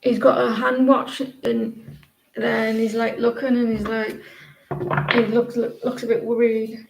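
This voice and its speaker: A woman's voice: fairly high pitch, level tone, a little slow, vocal fry, reverberant, slight background noise, poor audio. A woman in her forties giving a casual live-stream tarot reading, rambling and chatty, often restarting her sentences. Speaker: tarot reader.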